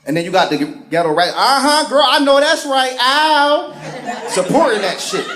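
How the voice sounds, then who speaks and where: A male stand-up comedian, telling profane, sarcastic stories and putting on voices. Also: high voice. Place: comedy stage before a live crowd. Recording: roomy live venue with crowd laughter.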